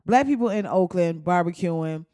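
Profane animated man riffing on politics. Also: high voice, moderate pace, no room sound, clean studio sound. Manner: profane, animated, acts out quoted voices. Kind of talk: casual comedic commentary.

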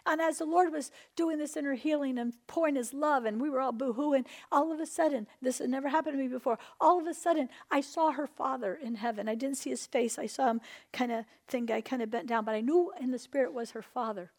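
A woman preaching a charismatic sermon, testifying with passion and swinging between hushed and loud delivery. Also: high voice, quick pace.

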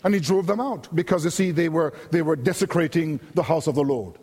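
High-voiced preacher in a reverberant hall. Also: male voice, darkish tone, breathy edge. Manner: measured, emphatic preaching with repeated phrases. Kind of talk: sermon.

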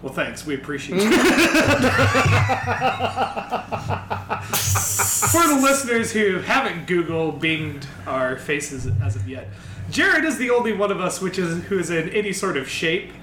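A man co-hosting a podcast, joking around in loose, animated banter. His voice is high for a man and swings up and down a lot. He sounds roomy, with a clear crowd murmur behind him. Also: moderate pace, slight background noise. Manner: animated, jokey. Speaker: podcast co-host. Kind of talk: casual banter.

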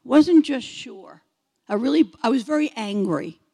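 A high-pitched woman telling her own faith story in a slow, unhurried way. She acts out the voices of the people in it with lively swings. Her voice rings out with a long hall reverb. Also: vocal fry, husky. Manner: animated, acts out quoted voices. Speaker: testimony speaker. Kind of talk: personal testimony storytelling.

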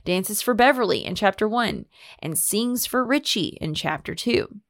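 A woman's voice: mid-range voice, lively intonation, a little slow, a bit bright, dry recording, clean studio sound. A woman podcast host reading a fan theory aloud and chatting enthusiastically with her co-hosts.

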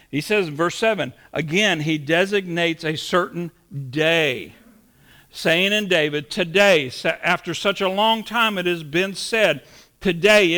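A man's voice: a little high, pushed and bright. A middle-aged man preaching a sermon, folksy and storytelling, acting out quotes as he goes. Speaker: pastor.

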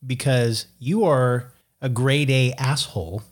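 A man's voice: medium pitch, steady tone, takes it slowly. A man co-hosting a podcast, teasing the others with dry jabs. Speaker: podcast co-host. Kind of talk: casual banter.

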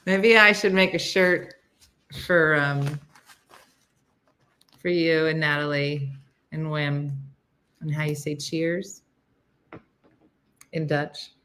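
A woman's voice: sits low, fairly even intonation, very slow, long pauses, fairly bright tone, slight background noise. A woman hosting a casual morning live stream, chatty and rambling, laughing often and reading viewer comments aloud.

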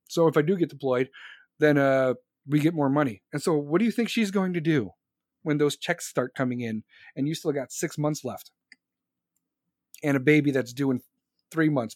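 A man's voice: on the high side, a little mellow, no echo. A man in his forties ranting angrily and crudely, repeating himself for emphasis. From United States. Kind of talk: profane ranting monologue.

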